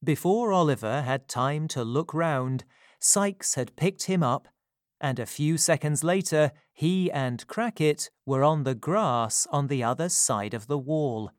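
A reader narrating a story in a slow, careful, scripted style. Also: medium pitch, animated, no room sound, clean studio sound.

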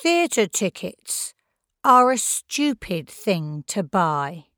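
A woman's voice: medium pitch, big pitch swings, extremely slow, a bit bright, dry recording, clean studio sound, exaggerated voice. A woman voicing a blunt, bookish girl who speaks in a matter-of-fact way.

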